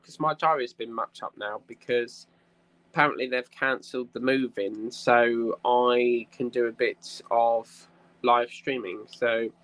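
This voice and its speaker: A man's voice: medium pitch, a bit bright, rough recording. A man hosting a casual craft live stream, chatting in a rambling way and reading viewer comments aloud.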